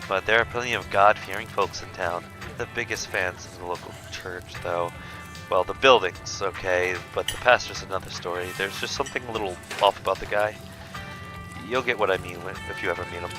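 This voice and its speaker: A man's voice: low-pitched, brisk, over music, pitched below the performer's own voice, close to an everyday voice, low-quality recording. A man reading a chatty small-town local. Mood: breezy. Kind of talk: reading a game character's lines.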